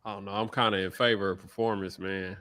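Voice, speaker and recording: A man with a low voice that still has a bright edge recalls his playing days in a laid-back, thoughtful way. The chat is casual. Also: little pitch movement, fast talker. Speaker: former pro basketball player, guest.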